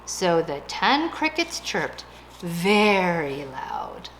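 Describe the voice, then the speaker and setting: A woman reading a picture book aloud to a child in a gentle, expressive, sing-song way. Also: fairly low pitch, drawn-out words, slight background noise. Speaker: reader of a bedtime story.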